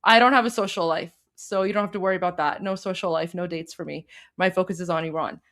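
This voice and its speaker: A woman hosts a casual livestream and chats with her viewers. She talks in a relaxed, apologetic way, switching easily from one language to another. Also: on the low side, fast talker. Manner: chatty, apologetic, mixes Persian and English. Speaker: livestream host.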